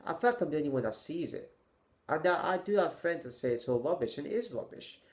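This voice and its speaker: A man's voice: a little high, lively intonation. Stammering man ranting to camera. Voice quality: stammering, halting delivery. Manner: exasperated, sighing, rhetorical questions. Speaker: vlogger. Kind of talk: opinion rant to camera.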